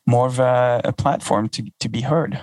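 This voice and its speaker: A man hosting an interview, friendly and halting, with many fillers. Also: mid-range voice, fairly even intonation, a little mellow, no room sound, poor audio. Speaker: interview host, freelancer. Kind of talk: conversational interview.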